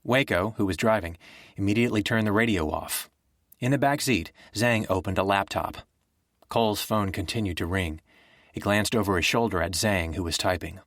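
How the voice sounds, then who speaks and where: Male audiobook narrator, low pitch, dry close sound, measured delivery. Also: no room sound. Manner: even, measured storytelling.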